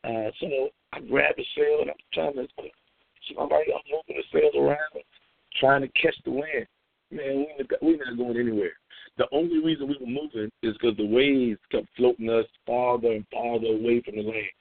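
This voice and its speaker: A man giving a casual devotional talk, drifting into stories with fillers and repeated words. His voice carries a gravelly fry at its middle pitch. The recording is narrow and phone-like, with a dry, close sound. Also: moderate pace, no echo. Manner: storytelling, chatty, with fillers and repeats. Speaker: devotional host.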